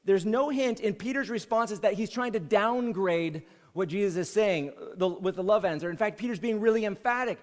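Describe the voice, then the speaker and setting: A man's voice: sits high, normal speed, hardly any pauses. A man preaching a sermon as senior pastor, in a conversational way that repeats key phrases for emphasis. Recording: long hall reverb.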